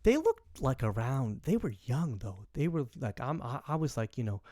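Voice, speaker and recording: A young man from Canada telling a story in casual podcast chat, rambling with many fillers and animated quoting. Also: medium pitch, normal speed, dry recording, studio quality. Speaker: podcast host.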